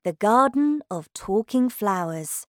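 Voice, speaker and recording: A woman narrating a storybook in a slow, expressive, clearly paced reading. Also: medium pitch, no room sound, clean studio sound.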